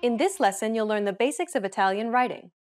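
A woman's voice: on the high side, fast, faint music behind. Woman hosting a scripted language lesson.

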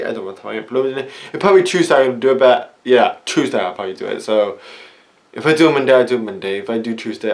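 A young man, vlogging in a rambling, casual rant that keeps circling back with filler phrases. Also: medium pitch. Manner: rambling, repeats "basically" and "it's like".

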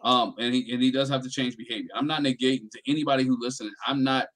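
Brief: man, quick and emphatic podcast guest, mid-range voice. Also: medium pitch, steady tone, a bit bright. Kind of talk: casual reality-TV discussion.

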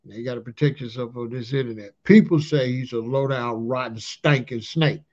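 This commentator's voice is mid-range and a little mellow, moving at a normal speed through a casual, ranting monologue. He talks in loose street slang, often finishing lines with "allegedly" and "you know what I'm saying." The recording is lo-fi and dull.

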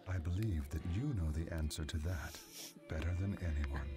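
Cryptic game character, very low voice, slow measured delivery, game music behind. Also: male voice. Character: calm, cryptic mysterious man.

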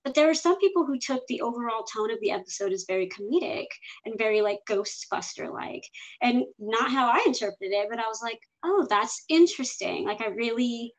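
A woman co-hosts a laid-back fan show, chatting in a loose, rambling way. Her voice sits a little high. She often restarts her sentences as she talks. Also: a little fast, poor audio. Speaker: podcast co-host. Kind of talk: casual chat.

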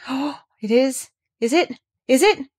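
A woman's voice: a little high, animated, brisk, slightly rough. A woman reading aloud and voicing a frail young boy in a wheelchair, gasping out eager, breathless questions.

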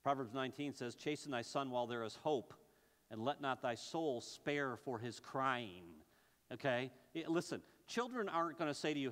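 A middle-aged man preaching a sermon as pastor, stammering and restarting, with quick bursts and slow, drawn-out scripture quotes. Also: mid-range voice, fairly bright tone. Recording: long reverb from a large hall.

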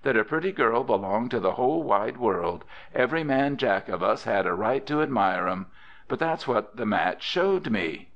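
A man's voice: mid-range voice, expressive, normal speed, fairly bright tone, lo-fi sound. A man voicing a frank, easygoing young cowboy who talks in plain-spoken western drawl in an audiobook.

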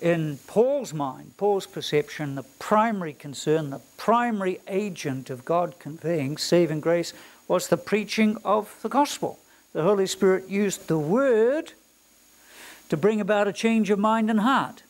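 A theology lecturer with a New Zealand accent and a slightly high voice gives a classroom lecture at a measured pace. Animated and emphatic, he stresses key words and keeps posing rhetorical questions to his students.

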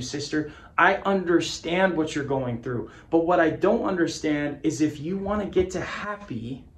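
A man's voice: fairly high pitch, a little hiss or hum. A man giving a punchy, emphatic motivational talk to camera as a business coach, repeating phrases and swearing casually. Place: indoor office with a whiteboard. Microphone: camera mic.

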